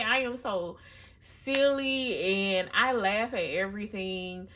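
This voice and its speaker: A woman's voice: medium pitch, slow, fairly bright tone, slight background noise. A young woman talking candidly and confessionally in a casual personal vlog, chatting to her viewers. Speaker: vlogger.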